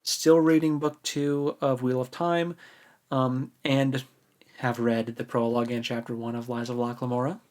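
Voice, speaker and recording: A man's voice: mid-range voice, flat delivery, normal speed, darkish tone. Easygoing enthusiastic man podcaster. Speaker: podcast co-host. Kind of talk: casual chat.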